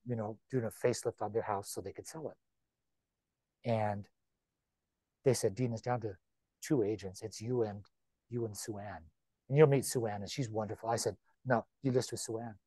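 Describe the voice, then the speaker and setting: Broker type: a man with a mid-range voice, dry and close, giving a chatty, animated training talk. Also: mid-range voice, no room sound. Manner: chatty, animated, with quick repeats and asides. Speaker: real estate broker leading agent training. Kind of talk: informal training talk to a room of agents.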